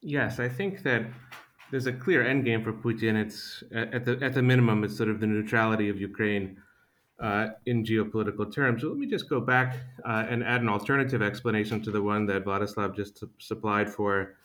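A man giving analysis as a panel guest, calm and methodical, pausing often with "uh.". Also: fairly low pitch. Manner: calm, analytical, frequent uh pauses. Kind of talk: discussion panel commentary.

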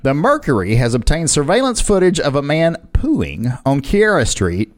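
Male co-host, animated pitch, playful quips over news reads. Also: normal speed. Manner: playful wisecracks, lively. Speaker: co-host reading news stories. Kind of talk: casual banter reading news.

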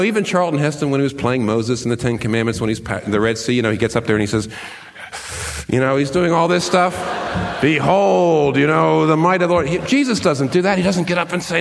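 A man preaching a sermon, conversational and emphatic, with pitch that swings up and down as he stresses his points. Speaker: pastor.

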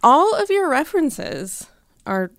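A woman's voice: high voice, sing-song, slow pace, dry recording, studio quality. A woman debating on a casual podcast, sarcastic and teasing, often breaking into laughs.

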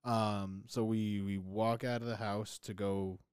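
A man co-hosting a podcast, telling a story with teasing humor and halting fillers. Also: fairly low pitch, flat delivery, a little mellow, clear, resonant tone, dry recording, clean studio sound. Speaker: podcast co-host. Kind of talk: casual storytelling.

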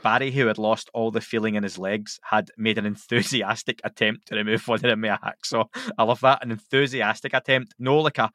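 A man's voice: fairly low pitch, fairly even intonation, fairly quick, few pauses, pushed and bright, dry recording, clean studio sound. A Scottish man guesting on a podcast, reading a story aloud in casual chat and breaking off for amused asides. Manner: reads with amused asides, chuckling and chatty.

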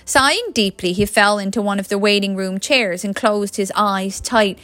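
Bright woman reading a story. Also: mid-range voice, moderate pace, no room sound. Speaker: audiobook reader. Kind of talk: storybook narration.

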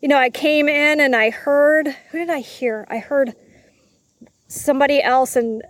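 A woman's voice: high-pitched, measured pace, fairly bright tone, no echo. A woman telling a personal story in a casual interview. She acts out the voices of people she quotes. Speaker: guest.

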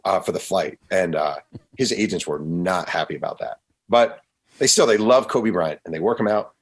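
A man, an author guest on a radio show, telling stories in an animated way and often acting out quotes. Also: low voice, breathy edge. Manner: animated, quick to act out quotes. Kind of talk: storytelling in a radio interview.

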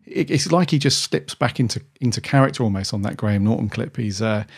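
A man's voice: mid-range voice, animated, brisk, vocal fry, husky. A man co-hosting a podcast in casual chat, rambling enthusiastically with frequent restarts. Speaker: podcast co-host.

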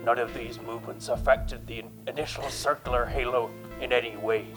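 A man voicing a gruff male pirate captain in a comic reading, booming out "yar" between lines. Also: natural voice, poor audio. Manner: booming "yar", stumbling and giggling.

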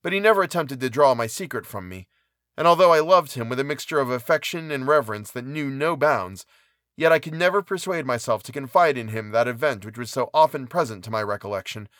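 A man reading a classic novel aloud in a measured, even narration. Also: medium pitch, no room sound, studio quality. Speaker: audiobook reader.

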